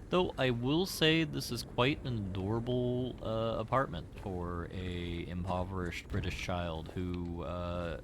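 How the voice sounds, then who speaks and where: A man's voice: sits low, background noise. A man streaming a game, giving casual commentary in a wry, rambling way.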